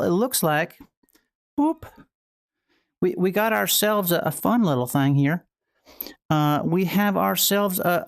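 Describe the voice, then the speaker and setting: A woman's voice: medium pitch, no room sound, clean studio sound. A woman streamer voicing a cheery, homespun Southern ranch hand with a put-on Southern drawl and folksy exclamations.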